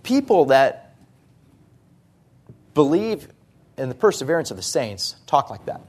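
A pastor preaching a sermon in church, talking through scripture in a conversational way with rhetorical questions. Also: male voice, mid-range voice, sing-song, unhurried, darkish tone, breathy edge.

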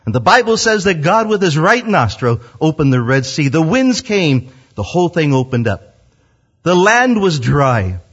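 Male preacher, husky and lively, dull lo-fi recording. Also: fairly high pitch, moderate pace. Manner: animated storytelling, acts out quotes. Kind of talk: sermon. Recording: dull lo-fi sound.

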